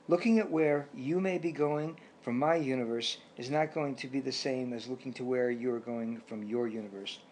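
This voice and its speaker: A man voicing a wise old male turtle mentor who speaks in a measured, questioning way in a storybook. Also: medium pitch, darkish tone, slight background noise, close to an everyday voice. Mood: explaining.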